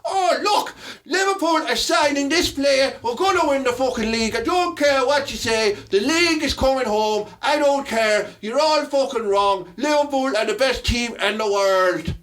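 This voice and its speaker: A man putting on a loud, boastful male football pundit with an Irish accent. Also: extremely high pitch, moderate pace, hardly any pauses, voice pushed up. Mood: boastful, shouting. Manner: shouting, boastful.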